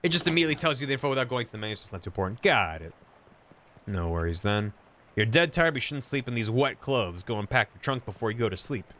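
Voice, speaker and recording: A man's voice: mid-range voice, expressive, fast, a bit bright, slight background noise. A man streaming a video game, reading its text aloud with casual asides. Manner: casual asides between narration.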